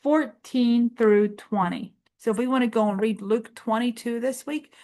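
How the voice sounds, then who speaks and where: A woman's voice: on the high side, moderate pace, mellow. A woman hosting a preschool lesson, leading chants and reading aloud to children in an encouraging call-and-response way. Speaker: preschool teacher host.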